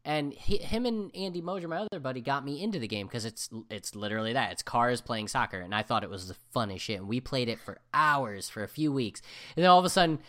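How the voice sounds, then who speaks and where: Animated man co-host with a widely swinging voice, casual and profane. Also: mid-range voice, quick pace. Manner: animated, swings between loud and quiet, profane. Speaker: podcast co-host. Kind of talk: casual chat.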